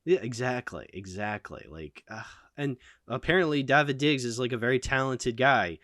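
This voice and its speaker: Man, casual film chat, lively swinging pitch, very dry close sound, opinionated. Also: moderate pace, few pauses, no room sound. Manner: animated, opinionated, lots of fillers. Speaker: channel host.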